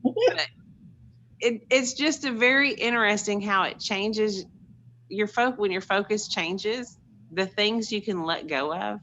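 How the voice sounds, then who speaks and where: A middle-aged woman tells personal stories on a group call, earnest and chatty, with lots of restarts. Her voice is bright and forward. The call audio is a bit muffled and dull. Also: mid-range voice, measured pace, a little hiss or hum. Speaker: call participant. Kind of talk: casual sharing on a group call.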